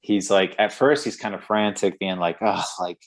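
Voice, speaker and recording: A man with a lowish voice co-hosts a relaxed movie podcast. He rambles through scene retellings, leaning on filler words as he goes. His tone is easygoing and conversational. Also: normal speed. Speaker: podcast co-host. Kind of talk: casual film chat.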